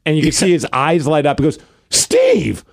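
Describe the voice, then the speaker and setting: Here the co-host's pitch sits fairly high and his pace is quick. He's a man in his forties from the Pacific Northwest, casually telling a story on the podcast and voicing the quotes with animated flair.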